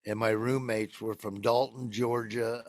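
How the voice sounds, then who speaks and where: Man, american comedian guest, lively storytelling, plays out the quotes, dry close sound. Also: medium pitch, measured pace, dry recording. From United States. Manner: animated storyteller who acts out quoted people. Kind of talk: casual storytelling interview.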